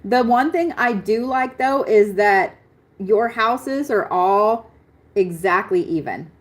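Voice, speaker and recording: A woman's voice: mid-range voice, animated, takes it slowly. Young adult woman, blunt and chatty astrology reader on a live stream, mid-range voice, frequent laughs. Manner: blunt, swearing, laughs often. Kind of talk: live-stream chart reading.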